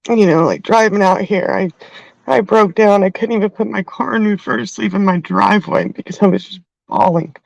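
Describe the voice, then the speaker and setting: A middle-aged woman hosting a livestream, talking in a halting, heartfelt way and crying at times. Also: medium pitch, gravelly, dry recording, poor audio. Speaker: livestream host. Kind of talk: emotional livestream talk.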